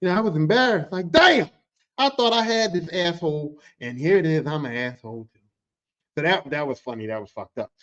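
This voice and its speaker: Rowdy work tales come from a man on a podcast, told casually with plenty of swearing and frequent quoted voices. He sounds animated, brisk and a bit bright, his voice on the high side. The recording's high frequencies are cut off.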